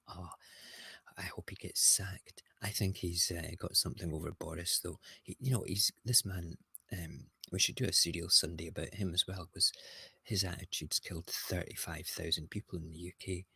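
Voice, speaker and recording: A man's voice: sits low, fairly even intonation, normal speed, creaky, sharp tone, breathy edge, dry recording. A man who hosts a casual morning show, reading newspaper headlines aloud and mocking them with gleeful, ranting commentary. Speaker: host. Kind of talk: casual morning news rant.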